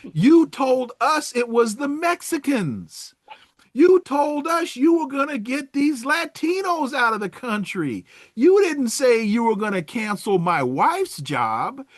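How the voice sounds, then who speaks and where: A man voicing an aggrieved middle-aged rural voter who rants and pleads indignantly in a raised, swinging pitch. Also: big pitch swings, slow, dry recording, clean studio sound, exaggerated voice.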